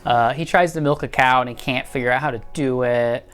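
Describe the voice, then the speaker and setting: A woman's voice: rumbling low, brisk. A woman hosting a comedic movie review, sarcastic and profane, mocking the characters in silly quoted voices. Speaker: video essay host.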